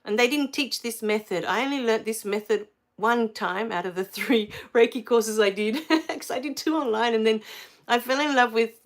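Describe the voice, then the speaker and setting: Australian woman, middle-aged, casual livestream storyteller; effusive, lifts into bright exclamations. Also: a little high, moderate pace. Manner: warm and effusive, rising to excited exclamations. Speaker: spiritual livestream host.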